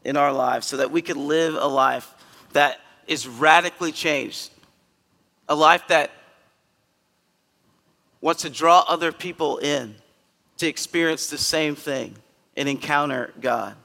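A male pastor giving a conversational sermon in a church, earnest and emphatic, with sudden loud bursts. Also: fairly high pitch, slow pace, vocal fry, pauses often, long reverb tail. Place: church sanctuary.

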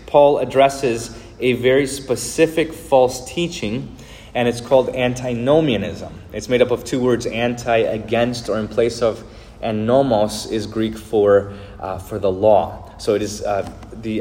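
A man's voice: mid-range voice, a little mellow, long reverb tail. A man preaching a sermon as pastor, earnest and explanatory, with frequent filler words.

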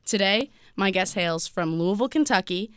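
A woman's voice: mid-range voice, lively intonation, moderate pace, fairly bright tone, clean tone, no room sound. A young woman hosting a casual student interview show, introducing her guest and asking short, upbeat questions. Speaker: host.

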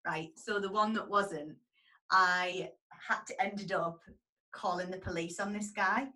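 A woman, telling a story about her dog grooming salon in a casual, animated way and acting out the people in it. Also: mid-range voice, a little slow, distant mic, rough recording.

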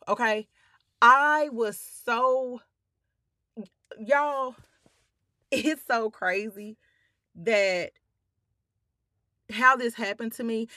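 This podcast host, a woman, has a medium-pitched voice that comes across bright and forceful over a clean studio recording without room sound. She recounts her personal story to y'all, her listeners, with plenty of swearing and blunt emphasis, on the verge of tears.

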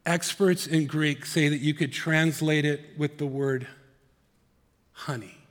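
High-voiced preacher in an echoing hall. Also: male voice, steady tone, slow pace. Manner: earnest, swings from soft hushed tones to emphatic rises. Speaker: pastor. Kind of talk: sermon.

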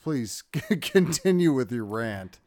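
A man co-hosting a casual podcast, drunk, loud and crude, laughing often. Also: medium pitch, sing-song, slow pace, no echo, clean studio sound. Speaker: podcast co-host. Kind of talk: casual chat.

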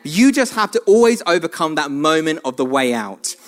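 A man's voice: a little high, normal speed. A man preaching a sermon, telling funny stories about himself and laughing often. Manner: animated, self-mocking storytelling with frequent laughs.

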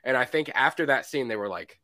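A man co-hosting a casual movie podcast, animated and laughing often as he acts out scenes. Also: mid-range voice, quick pace. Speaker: podcast co-host.

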